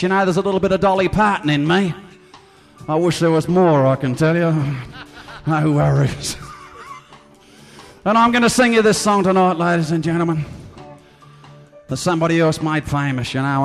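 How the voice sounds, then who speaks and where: A man doing a gravelly, boozy Australian lout. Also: fairly high pitch, normal speed. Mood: boastful, leering. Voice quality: leering, blokey, gravelly. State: half drunk. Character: crude boozy middle-aged Aussie bloke, bragging lounge singer. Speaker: comedy impressionist. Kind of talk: stage impression with crooning. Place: live stage venue. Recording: echoey hall with band music.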